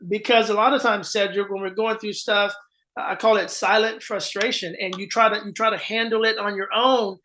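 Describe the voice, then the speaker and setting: A middle-aged man with a fairly high voice hosts a podcast with a guest. He talks in an earnest, conversational way and often stumbles and restarts his sentences. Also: little pitch movement, moderate pace, bright, forceful tone, slight background noise. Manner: earnest, repeats words when starting sentences. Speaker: podcast host.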